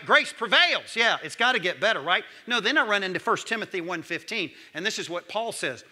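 A man, preaching a sermon as pastor, swinging between loud calls and hushed lines. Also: sits high, expressive, fast talker, few pauses.

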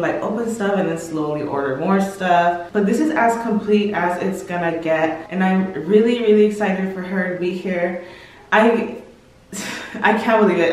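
A young pregnant woman talks to her viewers in a gushing, emotional way, full of "like" and repeated thanks. Her voice sits at an ordinary pitch. It rings around a bare, echoey room, picked up from some distance. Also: a little mellow. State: heavily pregnant, days from labor. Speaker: vlogger. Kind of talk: casual vlog talk to viewers. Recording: roomy echo, mic set back.

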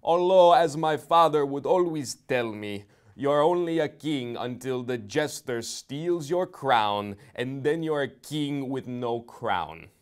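A man playing an overly polite, slow-spoken ex-bodybuilder. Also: medium pitch, lively intonation, clean tone. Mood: earnest polite. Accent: North Carolina. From North Carolina. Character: polite humble former bodybuilder man with misplaced rage. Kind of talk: improvised comedy interview.

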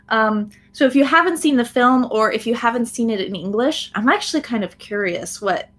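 Her voice is medium-pitched and a bit bright, carrying an American accent. Teaching English live online, she explains phrases, sprinkles in lots of "um"s, and regularly checks in with "right?".

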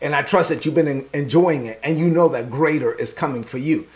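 A man pastor preaching a sermon in a lively, conversational way with bits of slang. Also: on the high side, brisk.

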